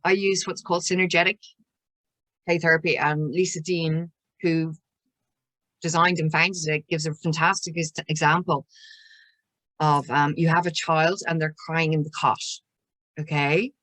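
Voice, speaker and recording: A woman's voice: sits low, little pitch movement, measured pace, pauses often, fairly bright tone, no room sound. An Irish woman counsellor explaining child emotions in an interview, acting out little scenes as she goes. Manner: explanatory, acts out little scenes with soothing voices.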